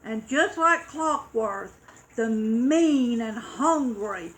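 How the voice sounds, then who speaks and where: A woman reading a children's story aloud, expressive and acting out dramatic sound effects. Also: on the high side, drawn-out words, rough recording.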